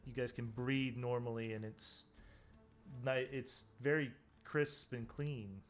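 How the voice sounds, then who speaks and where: A man narrating as game master, describing scenes in a loose, casual way and correcting himself as he goes. His voice sits at a middle pitch. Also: steady tone, slow, soft background music.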